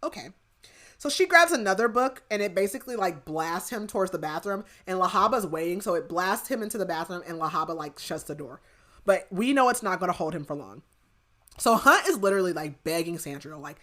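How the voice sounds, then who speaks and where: A young woman talks through a book recap in a loose, rambling flow, and "like" turns up in nearly every phrase. Her voice is bright and forward. She sounds like a podcast co-host chatting casually with a friend. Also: on the low side, sing-song, a little fast. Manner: rambling, filler-heavy retelling with lots of "like".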